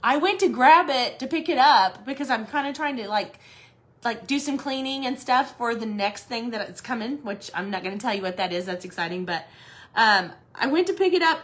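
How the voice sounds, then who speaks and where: A middle-aged woman chats casually on a home decor livestream, recorded from her office. She tells stories in an animated, rambling way and laughs often. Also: high voice, moderate pace. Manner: chatty, animated storytelling with laughs. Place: her office in a shed building.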